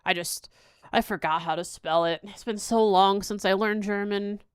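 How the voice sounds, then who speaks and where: A young woman livestreaming as she plays a quiz, chatting casually and thinking aloud with halting restarts. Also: mid-range voice, steady tone, clear, resonant tone, dry recording. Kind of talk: casual livestream chat while playing a quiz.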